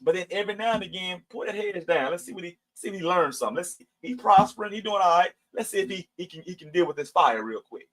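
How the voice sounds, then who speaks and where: A man's voice: sits high, expressive, fast, few pauses, a bit bright, low-quality recording. Preachy man teaching scripture. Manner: preachy, conversational, with scripture readings. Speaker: Bible study teacher. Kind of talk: livestream Bible teaching.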